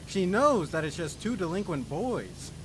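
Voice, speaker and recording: A man's voice: high-pitched, big pitch swings, unhurried, noisy background. Rambling, profane man telling a story. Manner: rambling, profane and self-mocking. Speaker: gaming video creator. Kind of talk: casual storytelling. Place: at home, voice-over on gameplay.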